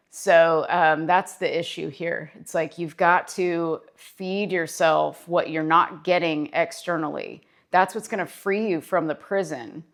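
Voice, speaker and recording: A woman's voice: fairly low pitch, creaky. A woman therapist giving casual motivational talk to camera, earnest and encouraging, repeating phrases for emphasis. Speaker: therapist and self-help vlogger.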